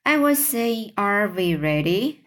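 A woman's voice: mid-range voice, sing-song, slow. Woman reading as a polite little girl. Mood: hushed. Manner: soft, polite storybook reading of a girl's lines. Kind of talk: reading a children's book aloud.

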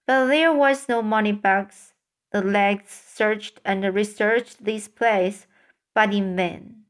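A woman reading a children's storybook aloud in a halting way, often stumbling over words and starting them again. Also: medium pitch. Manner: halting, frequent stumbles and restarts. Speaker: audiobook reader.

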